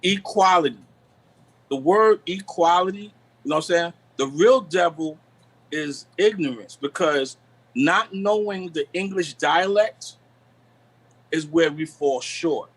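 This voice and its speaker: Guy lecturing on a live stream call, kinda high voice, preachy. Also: measured pace, husky, low-quality recording. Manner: preachy, repeats "you know what I'm saying". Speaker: guest. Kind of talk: live stream talk on word meanings.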